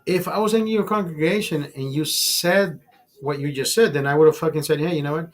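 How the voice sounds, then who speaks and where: A man with a somewhat high voice tells a story on his livestream in a casual, profane way. He leans hard on his points, swears freely and breaks off to speak to people in his chat. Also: fairly quick. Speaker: livestream host.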